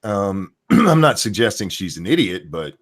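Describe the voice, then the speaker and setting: A man with a lowish voice hosts a casual talk show. His pitch swings widely as he rants, and he swears freely and rambles between points. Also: moderate pace. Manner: animated, profane, rambling. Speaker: podcast host. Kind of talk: casual opinion chat.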